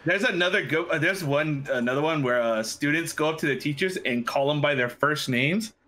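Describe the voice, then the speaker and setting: A man's voice: on the high side, fairly quick. A man co-hosting a casual podcast, telling funny stories and acting out the people in them. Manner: animated, acts out quoted voices while telling stories. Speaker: podcast co-host. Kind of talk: casual chat, storytelling.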